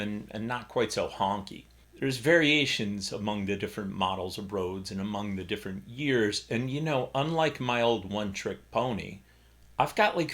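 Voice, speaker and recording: Wry middle-aged man, lower voice. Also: fairly bright tone. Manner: wry, self-deprecating humor. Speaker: keyboard YouTuber. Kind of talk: casual explanatory vlog. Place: small home studio in a bedroom.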